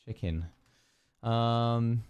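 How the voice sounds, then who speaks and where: A man's voice: medium pitch, very slow, darkish tone, clear, resonant tone, dry recording, highs cut off. A young man streaming live, muttering one-word guesses to chat, keyboard clicks behind. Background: keyboard clicks and typing.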